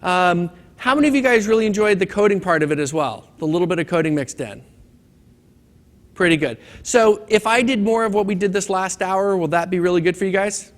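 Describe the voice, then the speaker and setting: A man's voice: sits high, expressive, brisk. A man teaching a hands-on data class at a conference training session, talking casually to the room and telling a corny joke. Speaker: training instructor. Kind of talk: classroom lecture.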